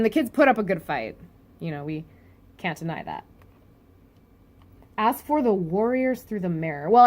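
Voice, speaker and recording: A woman casually reviewing a comic chapter, chatty and full of fillers and restarts. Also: on the low side.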